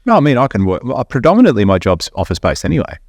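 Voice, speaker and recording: An Australian man co-hosting a podcast, chatting casually in a joking, lively way and swearing now and then. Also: medium pitch, rapid-fire, dry recording, clean studio sound. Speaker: podcast co-host. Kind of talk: casual chat.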